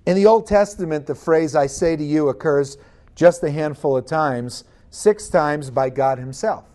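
A man's voice: fairly high pitch, moderate pace, mellow. A man preaching a sermon, emphatic, asking the congregation rhetorical questions.

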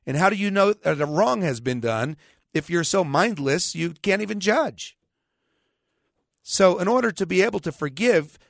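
A man with a fairly high voice preaches on a radio talk show, combative and sarcastic. He hammers points home by repeating them and quoting scripture. The sound is close and dry, like a studio microphone with no room echo. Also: vocal fry, fairly bright tone. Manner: quotes scripture rapidly, emphatic repetition.

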